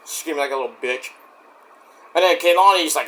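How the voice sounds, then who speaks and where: A man giving a casual solo review of a wrestling show, excitable and profane, breaking into rants. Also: a little high, brisk.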